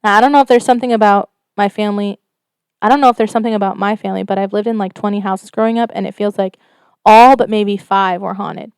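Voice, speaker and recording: Woman podcast co-host, smooth clear voice, dry close mic, casual storyteller who swears. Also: mid-range voice, fast talker, no room sound. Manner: casual, swears freely, reads stories in a steady flat telling.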